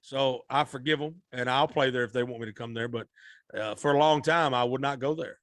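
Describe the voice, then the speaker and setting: A man's voice: medium pitch, brisk, fairly bright tone, no echo, studio quality. A man, a musician guest telling a rambling, folksy story in a podcast interview. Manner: rambling, repeats and restarts, Southern-style folksy speech.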